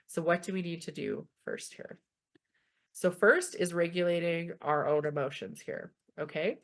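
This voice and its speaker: A young Canadian woman with a low, gravelly voice presents an online webinar lecture from home. She talks informally and often checks in with "okay?".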